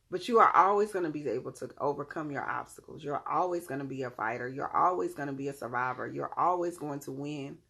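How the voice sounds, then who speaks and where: A woman giving a casual tarot reading to her viewers, animated and slangy, cursing freely and laughing often. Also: low-pitched, fairly quick, gravelly. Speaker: tarot reader.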